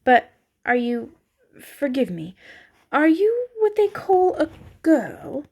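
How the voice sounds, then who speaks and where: A woman voicing a polite, nervous male faun in a storybook reading, courtly and excitable with stammering apologies. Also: high voice, takes it slowly, vocal fry, voice pushed up, exaggerated voice. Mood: fluttery, polite.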